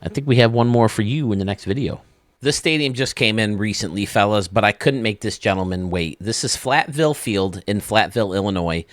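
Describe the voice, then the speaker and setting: Man, low voice, dry close sound, enthusiastic, rambling gaming commentary. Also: fairly quick, no room sound. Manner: enthusiastic, rambling, thinks aloud. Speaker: video game channel host. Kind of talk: casual commentary, showcasing game stadiums.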